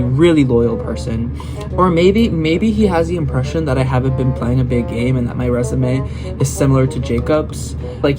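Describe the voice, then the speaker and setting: Young male contestant, casual scheming confessional, echoey room, music under. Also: medium pitch. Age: young adult. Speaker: reality game contestant. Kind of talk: confessional to camera.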